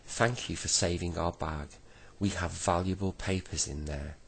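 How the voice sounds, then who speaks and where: A man's voice: low-pitched, steady tone, moderate pace, vocal fry, husky, full character voice. A man reading a bedtime story, voicing a small, bearded male brownie who speaks courteously and formally. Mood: grateful.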